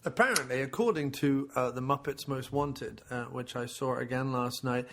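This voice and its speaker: Crude joking podcast co-host. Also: male voice, mid-range voice, normal speed, a bit bright, slight background noise. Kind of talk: casual film commentary chat.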